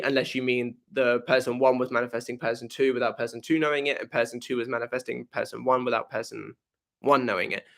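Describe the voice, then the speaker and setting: A man's voice: medium pitch, a bit bright. Chatty man hosting a live Q&A. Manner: rambling, self-correcting, laughs often. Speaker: host answering live questions. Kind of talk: casual live-stream chat.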